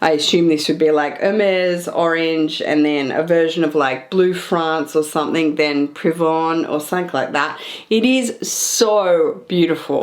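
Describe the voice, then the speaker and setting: A woman in her thirties chatting casually to camera, showing off purchases with excited, drawn-out emphasis. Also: on the low side, a little hiss or hum. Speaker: fashion vlogger. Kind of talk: casual haul chat to camera.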